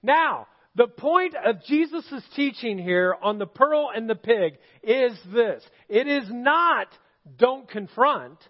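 A man's voice: very high voice, animated, slow, dull audio. A middle-aged male pastor preaching a sermon in a church auditorium, telling stories and asking the congregation questions. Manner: storytelling, asks the congregation questions.

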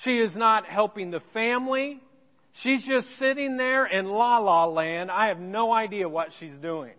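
A man's voice: high voice, unhurried, highs cut off. Man preaching in a reverberant church. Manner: storytelling, self-deprecating humor. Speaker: pastor. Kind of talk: sermon with personal story. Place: church sanctuary.

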